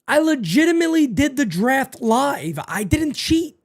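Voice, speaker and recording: Animated man calling a fan watch party. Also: extremely high pitch, unhurried, vocal fry. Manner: animated, playfully melodramatic, repeats himself. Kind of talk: live fan play-by-play and chat.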